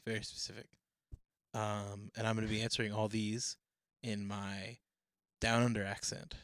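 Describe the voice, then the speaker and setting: A man's voice: fairly low pitch, little pitch movement, moderate pace, a bit bright, dry recording, clean studio sound. A man from the United States, co-hosting a casual chat, giggly and reading questions aloud.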